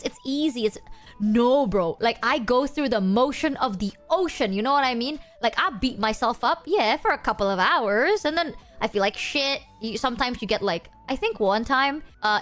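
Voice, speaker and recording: A woman's voice: fairly high pitch, fairly bright tone. A young adult woman streamer talking candidly to her chat, swearing freely and joking at her own expense. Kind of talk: casual livestream chat.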